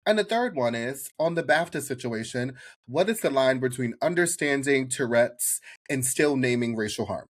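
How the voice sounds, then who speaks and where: Blunt, animated male podcast co-host. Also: mid-range voice, normal speed. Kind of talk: casual chat.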